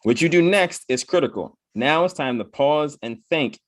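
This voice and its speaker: A man's voice: on the high side, lively intonation, normal speed, no room sound, studio quality. A man giving a casual motivational talk, tagging "right?" onto almost every point and acting out his own inner voice in quotes. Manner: repeats "right?" after nearly every point. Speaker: motivational speaker.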